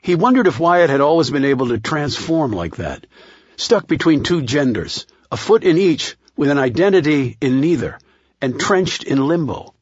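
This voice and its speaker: A man narrating a thriller audiobook in a measured, steady reading. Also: a little high, no room sound.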